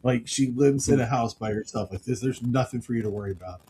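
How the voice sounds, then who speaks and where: A middle-aged man co-hosting a podcast, chatting casually and telling family stories with quick impressions of the people in them. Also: medium pitch, mellow, slight background noise, rough recording. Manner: storytelling, mimics his father's outbursts. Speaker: podcast co-host. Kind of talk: casual chat.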